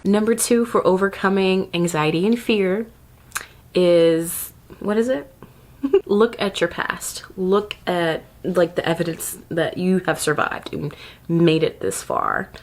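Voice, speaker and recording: A chatty woman vlogger talking straight to camera about self-care, with a slightly low voice. She laughs a lot and drifts into little asides as she goes. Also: big pitch swings, slow. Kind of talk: casual advice talk to camera.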